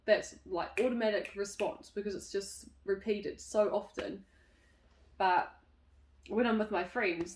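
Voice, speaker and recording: Woman, host, personal reflective talk, candid, laughs often, mid-pitched, echoey room. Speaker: host of a community chat series.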